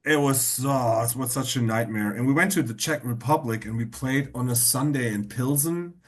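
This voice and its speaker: A man's voice: mid-range voice, normal speed. A man hosting a podcast, telling rambling anecdotes in casual chat. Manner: rambling anecdotes full of fillers. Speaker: podcast host.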